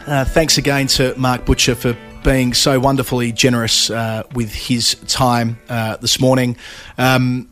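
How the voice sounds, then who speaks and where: A man's voice: mid-range voice, flat delivery, measured pace, fairly bright tone, soft background music. An Australian man with a Melbourne accent co-hosting a podcast in casual, rambling chat. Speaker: podcast co-host.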